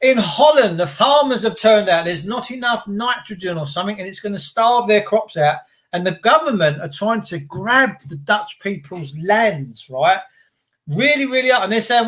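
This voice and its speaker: A man chats loosely to his live viewers, greeting them by name and cracking jokes. His voice sits high for a man, and he talks in a relaxed, rambling way. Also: normal speed. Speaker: livestream host. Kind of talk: casual livestream chat.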